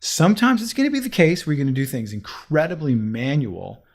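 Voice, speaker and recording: A man walks through a software tutorial as he works, chatty and animated and thinking out loud. His pitch jumps around a lot, and his voice has a gravelly texture. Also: fairly quick. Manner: chatty and animated, talks himself through each step. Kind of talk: screen-recorded software tutorial.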